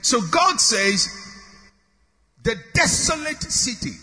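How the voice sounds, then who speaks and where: A man preaching a sermon, leading the congregation in call-and-response with emphatic, repeated declarations that build to shouts. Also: extremely high pitch, big pitch swings, takes it slowly, long reverb tail.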